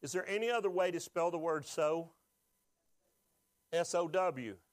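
Man preaching a sermon, rather high voice. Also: a little slow, dry recording. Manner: preaching with call-and-response questions to the congregation; emotional, voice rising when moved. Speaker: pastor.

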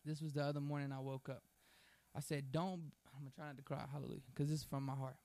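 A man preaches quickly in a mellow, mid-range voice with little pitch movement, yet his delivery stays fervent and emphatic. He layers repeated phrases, adds informal folksy asides, and reads out a prayer.

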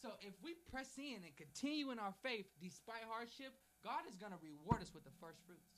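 Here the preacher's voice is high-pitched and a bit bright, moving a little fast with lively intonation. He builds emphatic, repeated phrases in a fervent sermon, drops in homey asides, and reads a prayer aloud.

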